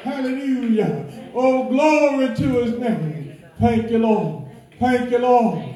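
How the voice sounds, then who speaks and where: Fervent high-voiced man praying in echoey church. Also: unhurried. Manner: repetitive, fervent, rising into shouts of praise. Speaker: prayer leader in church. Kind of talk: fervent spoken prayer. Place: church sanctuary.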